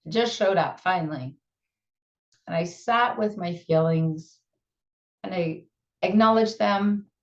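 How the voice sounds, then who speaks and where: A woman's voice: lowish voice, slow, long pauses, muffled recording. A middle-aged woman hosting a show, sharing personal stories in a candid, reflective way and laughing at herself. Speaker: show host and speaker.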